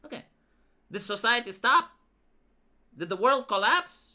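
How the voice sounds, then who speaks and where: Woman, live-stream reaction rant, swearing, lively, bright tone. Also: fairly high pitch, a little slow, long pauses. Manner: ranting, profane and exasperated, talks to chat. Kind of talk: casual reaction stream commentary.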